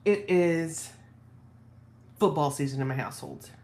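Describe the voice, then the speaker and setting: Woman, low voice, candid, reflective, personal storytelling vlog. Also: measured pace, a little mellow. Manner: candid, reflective, quotes husband in her own voice. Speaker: vlogger. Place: at home office.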